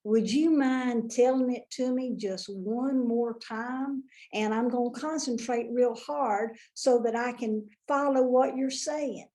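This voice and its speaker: A woman's voice: fairly high pitch, warm tone. A woman putting on a syrupy Southern drawl. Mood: sugary polite. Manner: slow, syrupy, mock-innocent politeness. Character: her own self with sweetly exaggerated drawl.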